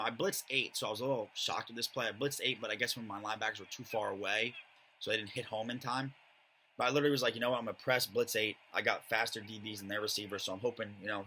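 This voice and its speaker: A young man talks quickly through a replay of his own match, loose and full of fillers. His voice sits low but sounds bright and forward. A faint hum runs under it. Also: low-quality recording. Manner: casual, rambling, filler-heavy. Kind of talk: voice-over game commentary.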